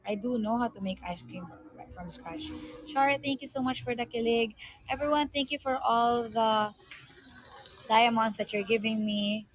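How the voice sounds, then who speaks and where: A woman's voice: a little high, normal speed, a little hiss or hum. A young woman with a Filipino accent, chatting casually to viewers on a livestream and easily mixing in Tagalog. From Philippines. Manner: chatty, switches between English and Tagalog. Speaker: livestream host.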